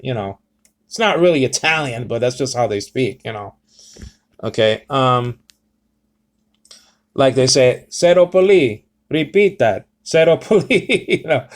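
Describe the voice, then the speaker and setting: Man with a somewhat high voice, talking through a Greek word study off the cuff and full of ums and restarts. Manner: rambling, self-correcting, many fillers. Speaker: Bible teacher. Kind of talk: casual Greek word lesson.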